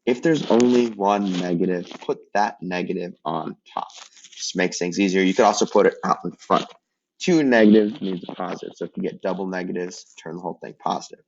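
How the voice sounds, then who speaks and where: A man giving a casual math lesson, explaining steps with relaxed joking asides. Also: deep voice, gravelly, muffled recording, slight background noise. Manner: relaxed, joking asides while working problems. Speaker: math teacher.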